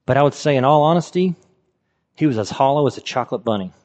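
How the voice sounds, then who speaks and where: A man's voice: medium pitch, expressive, quick pace, darkish tone. A man preaching a sermon in a conversational way, asking his listeners rhetorical questions. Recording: reverberant hall.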